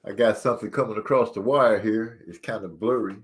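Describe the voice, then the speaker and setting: A man's voice: fairly low pitch, a little fast. A man hosting a casual live boxing chat at a home mic. He talks loosely and jokes at his own expense. He breaks off now and then to read viewer comments. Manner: joking, self-deprecating, reads chat aloud. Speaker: channel host.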